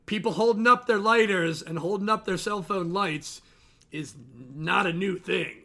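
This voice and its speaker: A man co-hosting a wrestling podcast, chatting excitably and casually, swearing and repeating himself. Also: sits high, normal speed, gravelly. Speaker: podcast co-host. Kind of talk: casual watch-along chat.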